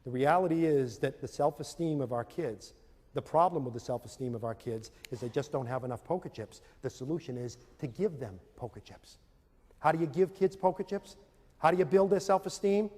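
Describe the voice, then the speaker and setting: A man's voice: on the high side, brisk. A man giving a motivational lecture to parents and teachers, telling stories animatedly and acting out scenes. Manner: animated storytelling, acts out scenes with audience volunteers. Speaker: speaker on self-esteem for parents and teachers. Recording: long reverb of a large hall.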